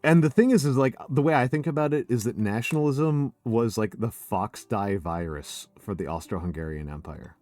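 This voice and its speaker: A man's voice: medium pitch, moderate pace, few pauses, darkish tone, faint music behind. An American man hosting a casual, tipsy stream chat, rambling and swearing, with laughs between his thoughts. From United States. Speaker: streamer host.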